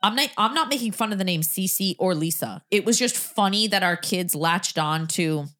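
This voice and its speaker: A woman's voice: fairly low pitch, moderate pace. A woman in her thirties co-hosting a podcast, telling funny family stories with lots of laughter. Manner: animated, laughing storyteller. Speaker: podcast co-host. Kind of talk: casual chat.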